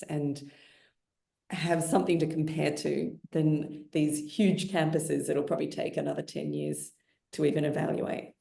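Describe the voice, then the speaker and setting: A woman with a very low, gravelly voice leads a webinar discussion in a measured way, opening the floor to others. Her tone is dark and mellow, and the room around her sounds echoey. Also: flat delivery. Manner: measured, invites others to speak. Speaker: webinar presenter. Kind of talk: moderating a discussion.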